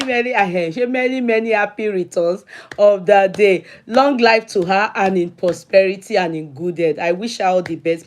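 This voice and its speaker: A woman's voice: medium pitch, darkish tone. A middle-aged woman with a Nigerian accent hosting a casual livestream, greeting viewers by name and slipping into Yoruba phrases. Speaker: livestream host. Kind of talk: casual live chat with viewers.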